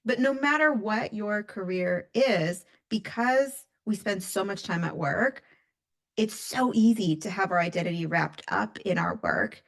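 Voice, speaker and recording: A woman's voice: medium pitch, expressive, a little slow. A woman who works as a coach, talking emphatically in a casual podcast conversation and speaking straight to listeners.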